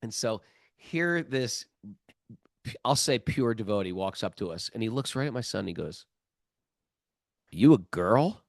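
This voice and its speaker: A middle-aged man hosting a spiritual podcast, telling a story in a lively casual way, acting out the other people's lines and laughing often. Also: lowish voice, moderate pace, vocal fry, no room sound, clean studio sound. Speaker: podcast host.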